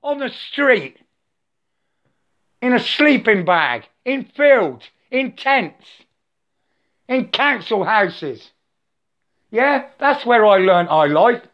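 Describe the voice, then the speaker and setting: A man's voice: high voice, big pitch swings, very slow, pauses often. An older man delivering an angry, profane, preachy monologue to the camera, repeating himself and saying "I" for "my". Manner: profane, repetitive, preachy, says "I" for "my". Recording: dull lo-fi sound.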